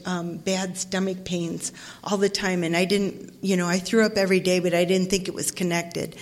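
A middle-aged woman from Ohio telling her own story as a recovery meeting speaker, animated and self-mocking, often laughing. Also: on the low side, moderate pace. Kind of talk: personal testimony, storytelling.

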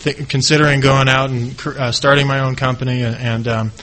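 Earnest, halting man with a bright voice. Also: mid-range voice, little pitch movement, rough recording. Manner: earnest and halting, with many restarts. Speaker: speaker sharing his recovery story. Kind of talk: personal testimony speech.

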